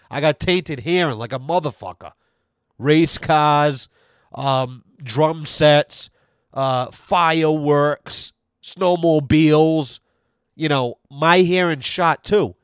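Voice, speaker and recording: A man's voice: a little high, no echo, clean studio sound. A man hosting a podcast, telling a long profane story in a rambling way and acting out the people in it. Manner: profane, rambling, acts out quoted voices. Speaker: podcast host. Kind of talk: casual storytelling rant.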